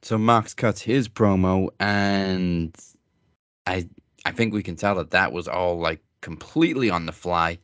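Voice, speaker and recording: A man with a low voice talks in a loose, rambling way, stopping and restarting often. He is recorded close and dry. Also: a little slow, a bit bright, clean tone, dry recording. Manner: rambling, many fillers and restarts. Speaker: podcast co-host. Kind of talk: casual wrestling chat.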